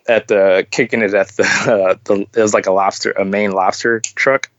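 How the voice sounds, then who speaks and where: A man chatting casually on a podcast, telling stories in a rambling, halting way with many restarts. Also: on the low side, level tone, a bit bright, dry recording, lo-fi sound. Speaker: podcast guest, sneaker collector. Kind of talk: casual chat.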